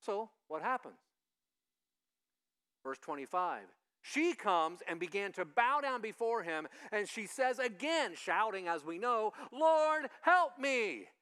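Animated high-voiced male pastor preaching. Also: measured pace, smooth. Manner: animated, acts out quoted voices. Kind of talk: conversational sermon.

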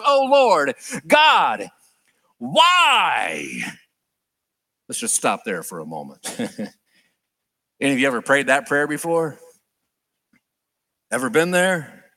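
High, lively male preacher. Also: moderate pace, pauses often. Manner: animated, acts out quoted prayers with swings in pitch and volume. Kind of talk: sermon.

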